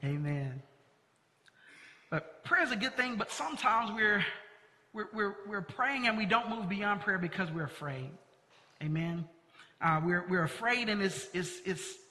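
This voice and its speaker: A man's voice: sits high, expressive, normal speed, pushed and bright. A man preaching a sermon as pastor, earnest and leaning hard on key words. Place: church sanctuary. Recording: long reverb of a large hall.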